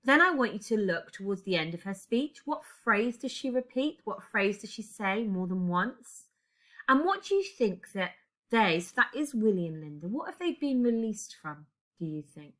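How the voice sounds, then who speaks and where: A woman's voice: medium pitch, sing-song, moderate pace, a bit bright. Reflective woman teacher asking questions. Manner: questioning, reflective, guiding step by step. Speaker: English teacher. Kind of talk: recorded lesson.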